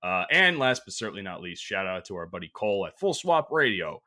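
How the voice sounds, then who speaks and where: A man hosting a podcast, talking casually and crudely, with plenty of swearing and loud laughter. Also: low voice, sing-song, brisk. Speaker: podcast host. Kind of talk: casual chat.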